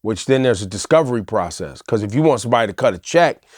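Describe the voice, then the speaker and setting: A man hosts a casual panel discussion at an everyday mid pitch, working through his point in measured, roundabout sentences. His voice is close and dry, with no room sound around it. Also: lively intonation, no room sound. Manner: measured, thinks aloud with many asides. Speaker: host.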